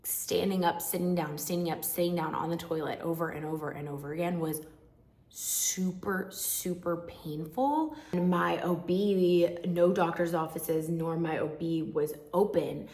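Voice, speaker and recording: A woman's voice: fairly low pitch, a little slow, a little mellow, echoey room. A young woman vlogger telling her own story to camera in a frank, emotional, chatty way with many asides. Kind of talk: candid personal storytelling to camera.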